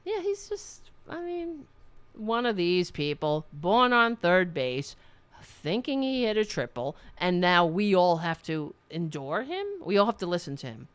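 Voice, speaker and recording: A woman's voice: on the low side, very animated, a little slow, clean tone. A woman hosting a political livestream, ranting with anger and sarcasm and swearing often. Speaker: host.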